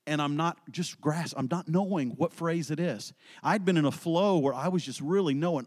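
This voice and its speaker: A man's voice: on the high side, moderate pace, darkish tone, in a large hall. A man preaching an earnest, emphatic sermon, weaving in personal stories.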